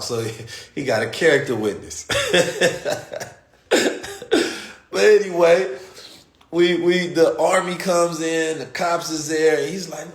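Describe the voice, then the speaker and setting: A man's voice: medium pitch, normal speed. A man from the United States hosting a show and telling a story in casual, slangy talk, acting out the people in it. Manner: animated, slangy, acts out quoted voices. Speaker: podcast host. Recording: roomy echo.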